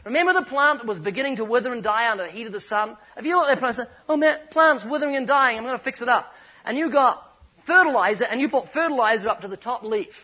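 A man with a New Zealand accent preaches in a high, ringing voice, telling stories and driving his points home with emphatic repetition. The recording is dull and muffled. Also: animated, quick pace. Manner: storytelling, emphatic, punchy repetition. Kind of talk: sermon.

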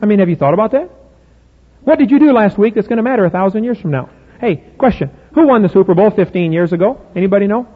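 Middle-aged male preacher, high husky voice, folksy and emphatic, asks the crowd questions. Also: lively intonation, fast talker. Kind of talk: sermon. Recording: phone-like audio in a reverberant hall.

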